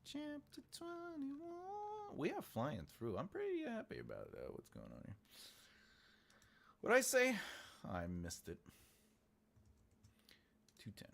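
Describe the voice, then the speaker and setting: A man's voice: lowish voice, huge pitch swings, unhurried, gravelly, pauses often, fairly bright tone. Man chatting casually while outlining a book. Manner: mutters notes to himself, chats with viewers, jokes. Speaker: author livestreaming his writing process.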